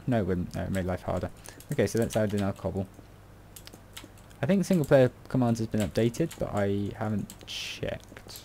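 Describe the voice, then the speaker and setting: In casual, rambling commentary on a building tutorial, a British game tutorial maker mutters to himself and adds self-mocking asides. He has a fairly low, slightly mellow voice, and the recording carries a little hiss or hum.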